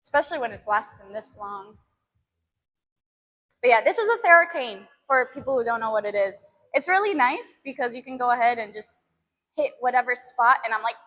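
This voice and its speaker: A woman in her twenties chats casually with her live viewers from the gym. She laughs often and groans at her sore muscles. Her voice is high and bright, with a long echo from the big room. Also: lively intonation, a little fast. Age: 20s. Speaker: fitness streamer.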